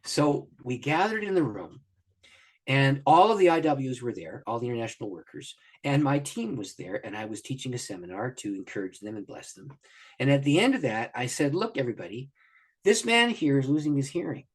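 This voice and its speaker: A middle-aged pastor and prayer minister, a guest on an interview podcast, tells a story very animatedly and acts out the dialogue. His mid-range voice is husky and brisk.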